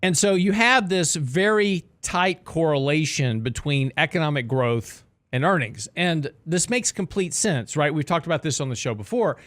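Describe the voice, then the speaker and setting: A man's voice: on the high side, expressive, normal speed, hardly any pauses, fairly bright tone, dry recording. A man hosting a finance talk show, explaining markets in a chatty way with joking asides on a studio mic. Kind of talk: radio talk commentary.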